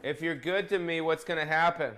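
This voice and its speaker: A man's voice: fairly high pitch, steady tone, brisk, fairly bright tone, a little hiss or hum. A man hosting a casual comedic cooking vlog, bossy and profane, teasing his cameraman. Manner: crude, bossy, joking, profane.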